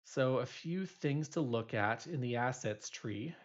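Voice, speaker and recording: A man's voice: mid-range voice, animated, measured pace. Guy teaching game coding, rambly with lots of uhs, kinda dull lo-fi audio. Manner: loose explaining with many fillers and restarts. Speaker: instructor. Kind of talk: recorded programming lecture.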